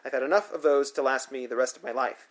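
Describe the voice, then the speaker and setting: A man's voice: medium pitch, fast talker. A man narrating his own memoir in the first person, with a dry, wry, matter-of-fact delivery.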